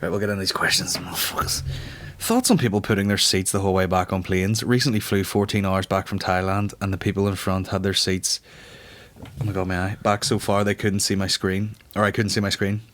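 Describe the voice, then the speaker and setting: A man hosting a comedy podcast, telling rowdy stories with plenty of swearing and loud acted-out reactions. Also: low-pitched, fairly even intonation, brisk, a little hiss or hum. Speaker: podcast host reading listener questions. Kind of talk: casual comedy podcast banter.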